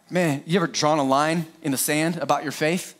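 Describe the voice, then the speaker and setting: High-voiced playful preacher man. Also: steady tone, unhurried. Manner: playful, joking asides, talks straight to the congregation. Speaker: pastor. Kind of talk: Easter sermon.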